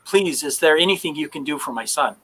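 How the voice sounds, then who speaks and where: A man's voice: fairly high pitch, animated, brisk, pushed and bright, breathy edge, heavily acted, rough recording. A man voicing a grieving, pleading priest. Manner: pleading, choked up. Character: anxious older male priest, grieving father.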